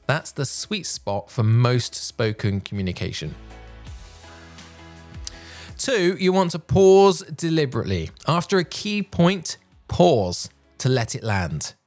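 A man teaching public speaking, shifting his pitch to demonstrate the points he makes. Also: sing-song, slow pace, darkish tone, faint music behind. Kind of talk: instructional talk.

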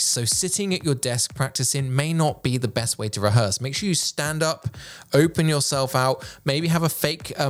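A man hosting a podcast, talking with a projected, energetic delivery and clear enunciation. His pitch sits in a middle range for a man. Faint music plays quietly behind him. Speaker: podcast host. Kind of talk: presentation tips podcast. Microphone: studio microphone.

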